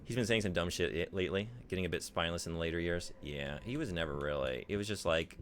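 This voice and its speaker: A man's voice: deep voice, fast, fairly bright tone, slight background noise. A male streamer chatting casually while playing a game, rambling and swearing as he thinks aloud.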